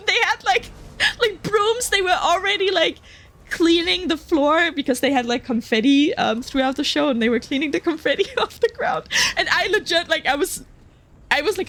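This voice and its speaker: High pitched girl streamer rambling and giggling, lots of ums, faint hum in the background. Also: expressive, moderate pace, a bit bright. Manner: chatty, giggly, lots of fillers. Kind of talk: casual chat while gaming.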